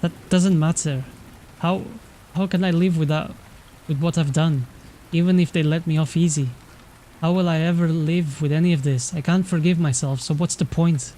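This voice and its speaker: A man voicing a frightened, remorseful teenage boy in a story game, speaking haltingly and stammering. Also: fairly high pitch, fairly even intonation, dark tone, natural voice. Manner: halting, stammering, full of self-blame.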